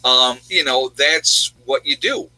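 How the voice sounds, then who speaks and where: Bright-voiced man hosting a livestream. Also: medium pitch, slow pace, no echo, low-quality recording. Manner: rambling, reads out viewers' locations. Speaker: livestream host. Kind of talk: casual livestream chat.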